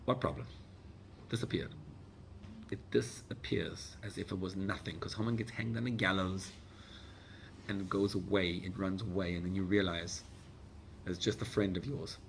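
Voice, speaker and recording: Animated rabbi preaching, loud to hushed. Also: male voice, low-pitched, normal speed, vocal fry, slight background noise. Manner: animated, swings from loud urgent exhortation to hushed intimacy; mixes English with Hebrew and Yiddish phrases. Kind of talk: sermon.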